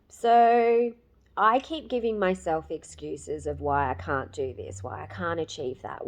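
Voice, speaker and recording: A woman in her fifties giving a candid, emotional personal testimonial, with many fillers and pauses. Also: fairly low pitch. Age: 50s. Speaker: program client giving a testimonial.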